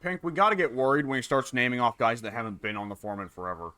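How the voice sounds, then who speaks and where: A man's voice: medium pitch, racing, a crowd in the background. A man hosting a casual gaming session with friends, dry and teasing. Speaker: channel host, gamer.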